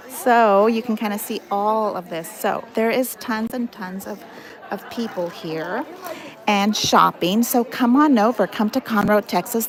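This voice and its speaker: A woman hosting a casual paper-crafting livestream, chatty and affectionate, greeting viewers by name. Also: medium pitch. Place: busy crafting retreat hall with crowd. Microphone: phone camera. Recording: crowded noisy venue. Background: crowd chatter.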